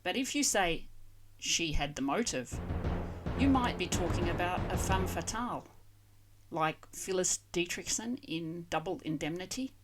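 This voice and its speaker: A woman's voice: lowish voice, moderate pace, soft background music. A woman hosting a language-learning channel, giving a scripted vocabulary lesson and carefully spelling out foreign words.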